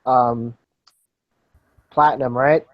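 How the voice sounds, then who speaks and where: A man's voice: mid-range voice, steady tone, slow pace, highs cut off, slight background noise. A young man hosting a casual group chat over a voice call, joking and sarcastic, rambling on. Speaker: podcast host.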